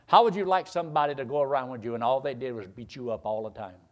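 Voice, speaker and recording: Older preacher with a lively pitch. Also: male voice, fast, hardly any pauses. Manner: rises to loud emphatic peaks, then drops low and quiet. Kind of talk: sermon.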